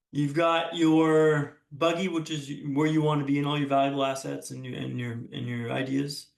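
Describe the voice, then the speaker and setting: A young man delivers a motivational keynote in a large hall, telling his story earnestly with frequent restarts. His voice sits high with a gravelly edge. The sound is roomy and picked up from some distance away. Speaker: keynote speaker.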